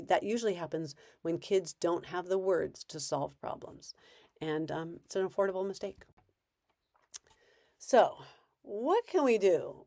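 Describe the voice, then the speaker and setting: A woman's voice: fairly low pitch, a little mellow. A woman coaching parents in a conversational way, now and then acting out what a parent or child might say. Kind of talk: advice talk to parents.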